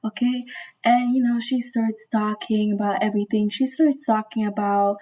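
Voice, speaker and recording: A woman's voice: medium pitch, steady tone, normal speed, mellow, low-quality recording. A young woman vlogger, a little sick, rambling and gushing in casual slangy storytime chat.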